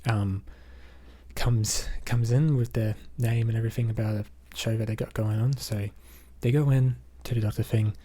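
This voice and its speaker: An Australian man talks through a movie plot in a loose, rambling recap, padding his sentences with "basically" and "um". His voice sits low and mellow with a husky edge. He keeps a flat, even delivery throughout. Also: moderate pace. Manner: rambling, leans on fillers like "basically" and "um". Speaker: movie reviewer. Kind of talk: casual spoken movie recap.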